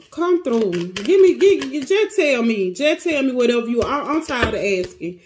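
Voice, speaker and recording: A woman's voice: fairly high pitch, expressive, unhurried, few pauses, a little mellow, a little hiss or hum. A woman with giving a casual, emotional tarot reading to her viewers, close to tears. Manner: emotional, dramatic, talks to cards and viewers. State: near tears. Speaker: tarot reader.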